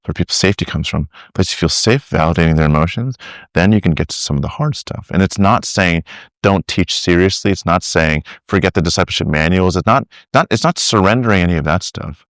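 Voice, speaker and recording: A middle-aged man telling stories on a podcast about discipleship. He talks in an animated way, acts out what people say, and often restarts his sentences. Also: low-pitched, fast, dry recording, clean studio sound. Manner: animated storyteller, acts out quotes, many restarts. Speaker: discipleship teacher, guest. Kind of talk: conversational podcast interview.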